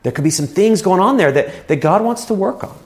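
A man's voice: high-pitched, lively intonation, fairly quick, a little mellow. A man preaching a sermon as a pastor, conversational and telling personal stories. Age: adult with children.

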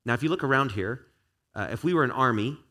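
A man giving a relaxed, conversational sermon in a church, speaking at an ordinary middle pitch. He talks directly to the congregation, loose and chatty, often restarting his sentences. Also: quick pace. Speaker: pastor. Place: church service before a live congregation.

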